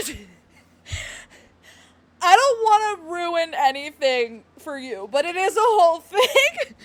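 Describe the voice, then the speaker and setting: High, lively giggly woman streamer. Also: slow pace, dry recording. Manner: giggly, rambling, talks to chat. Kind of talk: casual live-stream chat.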